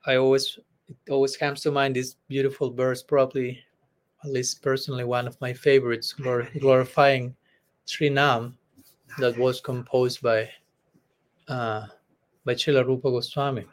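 A male spiritual teacher giving a devotional discourse in an earnest, halting way, often laughing between thoughts. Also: medium pitch, flat delivery.

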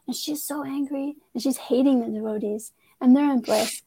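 A woman's voice: sits high, normal speed, dark tone, slight background noise. A woman who works as a transformative coach, earnestly telling a personal story in a conversational way, often restarting her sentences.

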